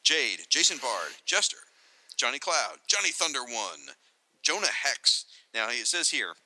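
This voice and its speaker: A man co-hosting a casual chat, reading entries aloud from a reference book and adding excitable, joking asides. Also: medium pitch, unhurried, poor audio. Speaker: podcast co-host.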